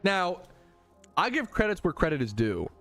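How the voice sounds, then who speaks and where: Animated profane American streamer. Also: male voice, high-pitched, normal speed, soft background music. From United States. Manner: profane, animated, heated ranting. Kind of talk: casual ranting to chat.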